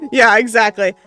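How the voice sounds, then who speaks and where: Streaming a visual novel, a North American woman reads the story text with expression and breaks off for casual asides to her chat. Her voice is fairly high, pushed and bright.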